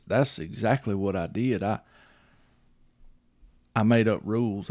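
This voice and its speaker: A man's voice: lowish voice, darkish tone, dry recording. A man hosting a casual chat, rambling and repeating himself while he checks that the listener follows. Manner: rambling, repeats himself, checks in with "you see what I'm saying".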